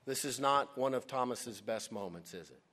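A man preaching a sermon in an animated, emphatic way, speaking directly to his listeners. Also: medium pitch, normal speed. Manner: animated, emphatic, addresses audience as "gang".

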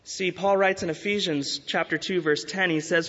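A man preaching a sermon as pastor, earnest and urging, slowing to stress key words. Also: high voice, fairly even intonation, fairly bright tone. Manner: earnest, urging, with emphatic rises and slow stresses. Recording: dull sound with long hall reverb.

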